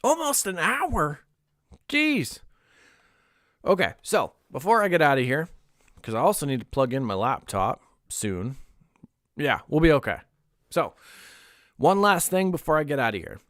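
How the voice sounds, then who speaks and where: A man's voice: medium pitch, sing-song, moderate pace, a bit bright, dry recording, studio quality. A young man chatting casually on a livestream, candid and rambling, swearing now and then and laughing often. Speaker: streamer.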